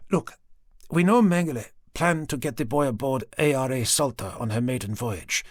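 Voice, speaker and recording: A male narrator voicing a sharp, persistent young woman police sergeant in an audiobook. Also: mid-range voice, dry recording, clean studio sound, lightly acted. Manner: quick, probing, persistent. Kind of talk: audiobook character voice. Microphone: close studio mic.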